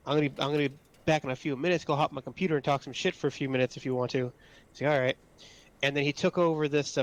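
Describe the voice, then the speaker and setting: A man chatting casually with a teammate while playing, telling a rambling story full of profanity. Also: mid-range voice. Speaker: squad teammate.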